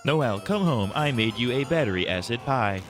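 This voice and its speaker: A man voicing a doting robotic father character in a game, with a flat, Siri-like robot delivery. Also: medium pitch, brisk, over music, pitched above the performer's own voice, close to an everyday voice. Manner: stiff, monotone robot delivery.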